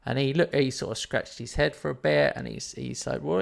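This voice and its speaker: Gravelly chatty man on a stream. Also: mid-range voice, a little fast, few pauses. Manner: chatty, rambling, self-deprecating. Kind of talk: casual storytelling on a live stream.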